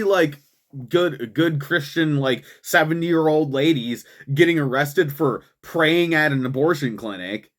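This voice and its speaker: A man's voice: fairly high pitch, unhurried. A young man hosting a commentary show, ranting angrily and swearing constantly, with frequent "man" and "dude" fillers. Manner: profane, heated, swearing constantly. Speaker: host of a political commentary show.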